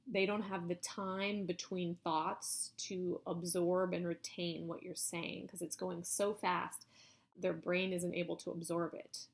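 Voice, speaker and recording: Woman, instructor, video lecture, lowish voice, steady explanatory tone. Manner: explanatory, even teaching tone with some hedging. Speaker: college instructor.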